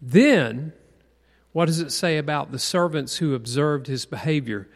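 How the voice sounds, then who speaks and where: A man's voice: fairly high pitch, expressive, a little slow, gravelly. A man teaching a Bible class in a conversational sermon style, asking the group questions and repeating key points for stress. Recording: long hall reverb.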